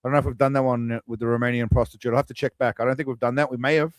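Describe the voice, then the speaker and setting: A man's voice: mid-range voice, level tone, racing, dry recording, clean studio sound. A man hosting a live stream, chatting loosely and rambling to his viewers. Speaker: streamer host. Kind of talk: casual live-stream chat.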